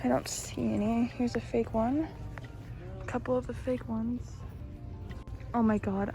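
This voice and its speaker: A woman in her early twenties filming a casual shopping vlog inside retail stores, talking excitedly and gushing over what she finds. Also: on the high side, measured pace, soft background music. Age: early 20s. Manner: excitable, gushing, exclaims often. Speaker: vlogger. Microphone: handheld phone camera.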